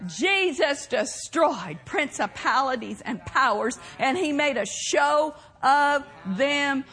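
Woman preaching, high bright voice, slow and drawn out, keeps bursting into laughs and shouts. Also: lively intonation, faint music behind. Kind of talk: sermon.

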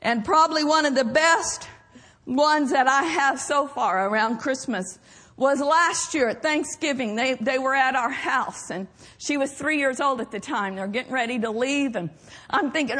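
A woman's voice: high-pitched, moderate pace, a bit bright. An older woman preaching a sermon, telling family anecdotes in an earnest way, often laughing.

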